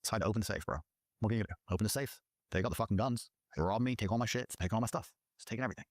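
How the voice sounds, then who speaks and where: A man's voice: lowish voice, very fast, no echo, studio quality. A man telling a long personal story, swearing often and acting out the lines of the people in it. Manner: profane, acts out quoted dialogue. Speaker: guest telling his story. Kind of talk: animated storytelling.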